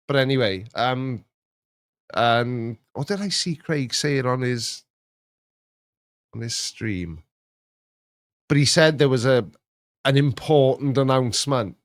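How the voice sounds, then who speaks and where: A man's voice: mid-range voice, dry recording. Mocking man, dry close mic. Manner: rambling, mocking and animated. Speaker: host reacting to viewer comments. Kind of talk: casual chat.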